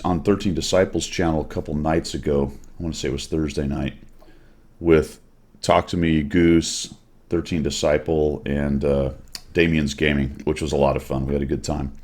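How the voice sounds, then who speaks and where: Deep-voiced relaxed male host. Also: normal speed. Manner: laid-back, rambling, enthusiastic. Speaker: podcast host. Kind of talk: casual gaming chat.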